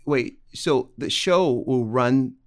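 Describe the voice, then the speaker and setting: A man co-hosting a podcast in casual chat, teasing and quick with jokes. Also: medium pitch. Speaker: podcast co-host.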